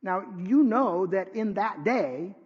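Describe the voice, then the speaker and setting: A man who is a pastor, preaching a sermon with dramatic swings from hushed lines to near shouts. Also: high voice, lively intonation, slow pace, husky. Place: church sanctuary. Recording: dull sound with long hall reverb.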